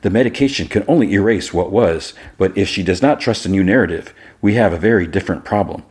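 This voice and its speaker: A man reading out a calm, controlling computer. It speaks in an even, clinical way. The voice stays low and close to the reader's own. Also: breathy edge. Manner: measured, clinical.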